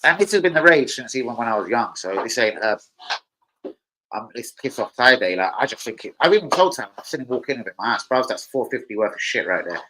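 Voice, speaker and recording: A man's voice: medium pitch, sing-song, fast talker, bright, forceful tone, slight background noise, low-quality recording. A man hosting a live stream, chatting casually in a rambling, slang-heavy way and swearing freely. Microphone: streaming setup mic.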